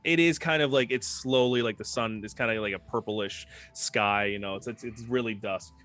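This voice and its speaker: A man narrating a tabletop game as game master, describing scenes in a halting way and restarting his sentences. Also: on the low side, fairly bright tone, soft background music. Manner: halting, with many fillers and restarts.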